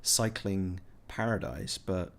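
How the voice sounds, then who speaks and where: A man's voice: deep voice, slow. A man giving casual let's-play commentary, chatting with his chat and rambling into jokey asides. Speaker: gameplay commentator.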